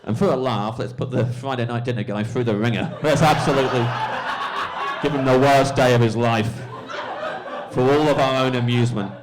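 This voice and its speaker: A man's voice: medium pitch, a crowd in the background. A man, a comedian guest, telling a story with laughing asides at a live podcast show. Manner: animated, laughing, quick asides. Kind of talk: comic storytelling. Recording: noisy live podcast recording.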